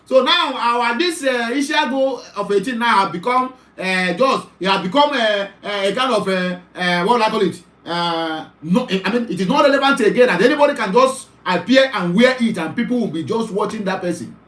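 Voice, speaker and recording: A middle-aged Nigerian-accented man hosts an online talk show in an urgent, pleading monologue, repeating himself for emphasis. His voice sits unusually high for a man, and it rings around an echoey room. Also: expressive, moderate pace, few pauses, a bit bright. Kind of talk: impassioned commentary monologue.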